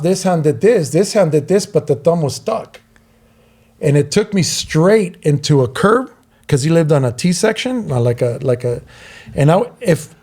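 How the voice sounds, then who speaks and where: Lively storytelling man, mellow voice. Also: on the high side. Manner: animated, acts out quoted voices. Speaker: podcast co-host. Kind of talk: casual storytelling.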